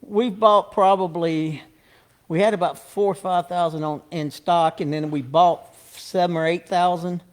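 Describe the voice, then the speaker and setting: Man, guest angler, high voice, laid-back, wisecracking, casual chat. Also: steady tone, measured pace. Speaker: guest angler and bait maker.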